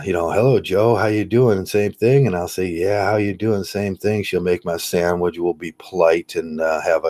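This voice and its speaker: A man talking casually to camera in a rambling, halting way, full of fillers and restarts. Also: low-pitched, a little mellow. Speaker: channel host.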